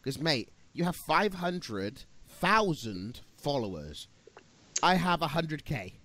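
A man's voice: fairly high pitch, big pitch swings, slow pace, bright, forceful tone, no room sound. A young Australian man streaming, chatting casually with crude, teasing banter and frequent laughter.

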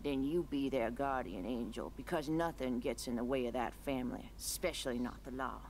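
A woman's voice: a bass voice, brisk, a little mellow, slight background noise. Blunt homeless woman. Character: homeless woman, gruff and street-wise. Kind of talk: video game dialogue.

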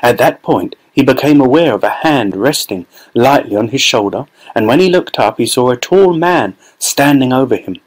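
A man reads a children's novel aloud as an audiobook, in a voice of middle pitch. His delivery is steady and expressive. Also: normal speed, hardly any pauses, poor audio. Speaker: audiobook narrator. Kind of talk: scripted narration.

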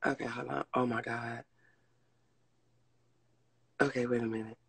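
A man's voice: mid-range voice, level tone, measured pace, gravelly, fairly bright tone, rough recording. A man with a Southern US accent chatting casually on a live stream, addressing viewers and reading chat. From Southern United States.

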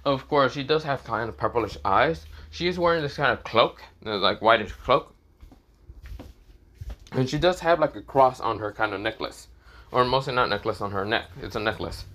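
A man telling a fan-made story in a loose, unscripted way, repeating stock phrases as he goes. His voice is at an ordinary middle pitch. The delivery rambles and circles back on itself. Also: normal speed, fairly bright tone. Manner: rambling, full of fillers. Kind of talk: casual fan-fiction narration.

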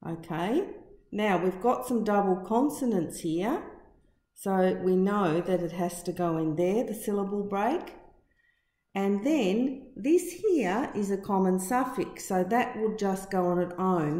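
A middle-aged woman teacher giving a recorded spelling lesson to her pupils, slow and deliberate, stretching words out to show their syllables. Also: fairly low pitch, dark tone. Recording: echoey room.

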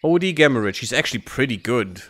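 A man's voice: medium pitch, animated, fast talker, a bit bright. A man hosting a let's play, giving casual sarcastic commentary while he plays and swears freely.

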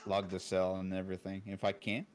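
A man's voice: deep voice, monotone, brisk, darkish tone, faint music behind. A man playing a tabletop game, chatting casually and playfully with his group. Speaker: player.

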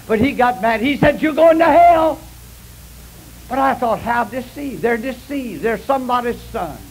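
A man's voice: sits high, rough recording. An older man preaching a sermon in a folksy, emphatic way, repeating phrases for effect. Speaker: pastor. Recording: faint noise, old sermon tape.

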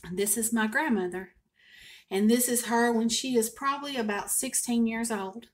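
An older woman, a home cooking vlogger chatting and telling a family story to camera in a folksy, expressive way. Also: fairly high pitch, normal speed.

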